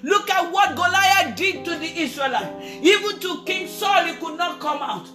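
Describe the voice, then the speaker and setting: A woman leading a fervent public prayer, impassioned and repetitive, often shouting and breaking into song. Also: very high-pitched, animated, normal speed, hardly any pauses. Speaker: prayer leader. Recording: echoey room with faint instrumental music.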